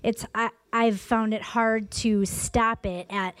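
A woman's voice: on the high side, fairly even intonation, slow, fairly bright tone, no room sound. A woman in a church study group asking a follow-up question in a thoughtful, hesitant way. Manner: thoughtful, hesitant, restarts often. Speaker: group member.

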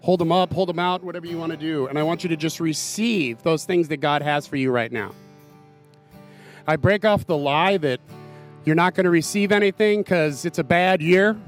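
A man's voice: fairly high pitch, normal speed. A man leading an earnest spoken prayer in a church service. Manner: earnest, softly declarative. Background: guitar music.

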